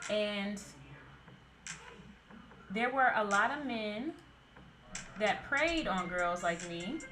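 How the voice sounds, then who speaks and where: A woman in her thirties hosting a gaming channel, telling a story in a blunt, animated way and swearing freely. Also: medium pitch. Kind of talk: casual storytime chat.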